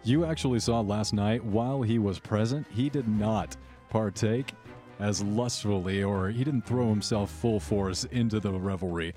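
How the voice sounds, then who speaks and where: Low-voiced man narrating a tabletop game. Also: mellow, soft background music. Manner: measured, descriptive narration with slow dramatic pauses. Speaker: game master.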